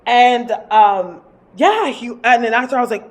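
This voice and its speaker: A woman's voice: a little high, a little slow. A woman working as a psychic medium, telling a personal story in a casual, rambling way, full of fillers and swearing. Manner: animated, rambling, filler-heavy and profane.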